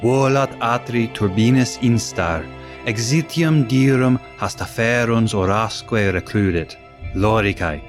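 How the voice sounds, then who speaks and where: A man recites classical verse in a measured, declamatory cadence, his voice at an ordinary middle pitch. Clear music plays beneath the reading throughout. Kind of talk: recited classical Latin poetry.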